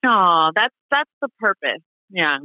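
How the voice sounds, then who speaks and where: A man from Hawaii with a bright, forceful voice, slightly higher than most, telling stories as a podcast guest. He talks in an animated way, laughs often, and acts out the people he quotes. The recording is dry and a little muffled. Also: unhurried, no room sound. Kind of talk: casual interview storytelling.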